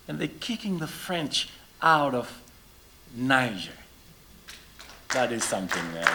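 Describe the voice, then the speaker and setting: A middle-aged Senegalese man, a musician whose first language is not English, chatting with a live audience between songs, animated and full of rhetorical questions. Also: mid-range voice, unhurried, vocal fry, long pauses, a little hiss or hum.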